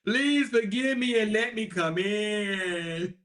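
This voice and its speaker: A woman's voice: mid-range voice, steady tone, slow pace, a bit bright, echoey room. A woman mocking another woman, putting on a groveling, whiny voice that drags out its pleas. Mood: mock pleading. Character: groveling woman begging forgiveness, mocked.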